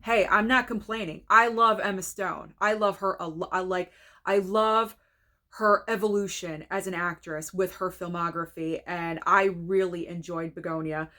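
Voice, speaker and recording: A woman film reviewer talking casually to camera, excitable and gushing, with frank opinions. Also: fairly low pitch, moderate pace. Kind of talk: casual reaction video.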